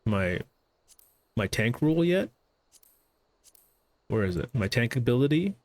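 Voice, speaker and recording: A man's voice: medium pitch, big pitch swings, measured pace, darkish tone, no echo. A man streaming a game, chatting casually, brushing off the game's dialogue and stumbling over his words as he goes. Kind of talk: casual gameplay commentary.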